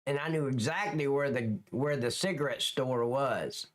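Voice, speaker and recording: A man's voice: mid-range voice, moderate pace. A middle-aged man hosting a live stream, chatting casually with viewers in a joking, crude, rambling way. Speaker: livestream host.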